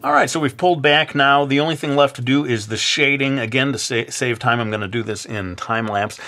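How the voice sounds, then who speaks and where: A man narrating a drawing tutorial in a relaxed, chatty way, with many filler sounds and some self-deprecating asides. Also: medium pitch, a little fast, soft background music. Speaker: drawing instructor.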